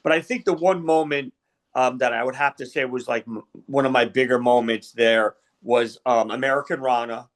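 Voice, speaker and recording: A man's voice: medium pitch, steady tone, normal speed. Rambling middle-aged male referee storyteller. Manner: rambling, retells conversations with many fillers. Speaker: wrestling referee, podcast guest. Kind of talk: casual interview storytelling.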